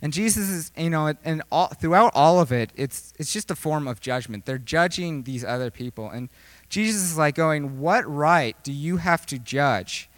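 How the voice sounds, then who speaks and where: A man's voice: on the high side, lively intonation, normal speed, no room sound. A young man preaching a casual, joking sermon, rambling with lots of fillers. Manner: rambling, filler-heavy, jokey. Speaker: youth preacher.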